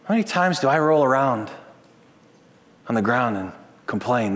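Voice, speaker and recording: A man preaching a sermon as a pastor, animated, swinging between loud emphasis and hushed tones. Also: mid-range voice, moderate pace, long pauses. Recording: long reverb of a large hall.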